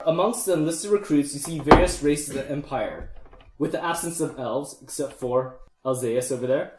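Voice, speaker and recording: Man, game master, relaxed chatty narration, slightly high voice, echoey room. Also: normal speed. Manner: relaxed, chatty, laughs easily.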